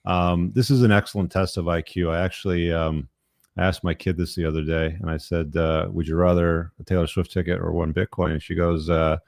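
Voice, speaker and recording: A man's voice: low voice, fairly even intonation, a little fast, creaky, a little mellow, no echo, studio quality. A middle-aged man hosting a podcast, giving blunt, profane opinions with many fillers. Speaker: podcast host. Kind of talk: casual podcast talk.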